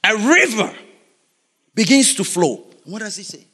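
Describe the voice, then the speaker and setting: A man preaching a sermon in a lively, animated way, constantly putting questions to his congregation, in a church. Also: high voice, a little slow, husky. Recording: reverberant hall.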